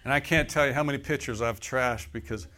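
A man's voice: medium pitch, brisk, crowd noise. A man preaching a sermon in a church service, folksy, with laughing asides and rhetorical questions to the congregation.

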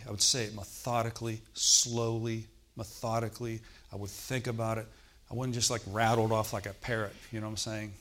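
A man's voice: medium pitch, steady tone, fairly quick, a bit bright. A man preaching a sermon, telling a personal testimony in a conversational way and often checking in with the congregation. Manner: conversational preaching, frequent "Okay?" check-ins.

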